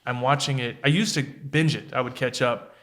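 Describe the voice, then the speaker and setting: A middle-aged man from Houston, chatting casually as a podcast host over drinks. He tells stories in a lively way and acts out his own messages as he goes. His voice sits at an ordinary pitch for a man. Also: moderate pace. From Houston, Texas. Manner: animated storyteller, acts out his own texts.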